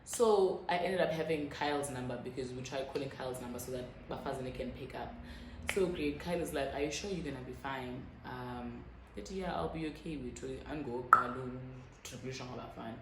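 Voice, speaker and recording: A young South African woman telling a personal story in a casual, animated way, with frequent swearing and quick quoted lines. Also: a bass voice, echoey room, background noise. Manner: animated, swearing, quoting others in quick bursts. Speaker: YouTuber.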